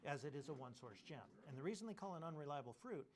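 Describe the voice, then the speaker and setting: A man's voice: fairly high pitch, animated, racing, a little hiss or hum. A man co-hosting a live jewelry shopping presentation, explaining gem sources and craftsmanship in detail.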